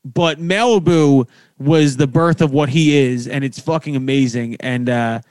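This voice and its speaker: A man's voice: mid-range voice, a little slow, a little mellow, smooth, dry recording. A man hosting a podcast in casual chat, swearing freely and mocking himself with frequent laughs. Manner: profane, self-mocking, laughs often. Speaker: podcast host.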